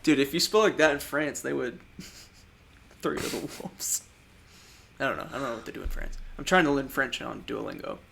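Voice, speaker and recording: A man's voice: medium pitch, lively intonation, normal speed, gravelly, long pauses, a bit bright, a little hiss or hum. A man co-hosting a podcast, chatting casually about movies, rambling, trailing off and laughing often. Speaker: podcast co-host.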